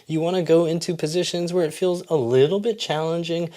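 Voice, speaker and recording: An encouraging fitness coach gives exercise instruction straight to the camera. The delivery is patient and methodical, breaking each movement into small steps, with a voice sitting at a middle pitch. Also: little pitch movement, a little fast, mellow. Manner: patient, encouraging, explains step by step. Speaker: fitness coach and channel host.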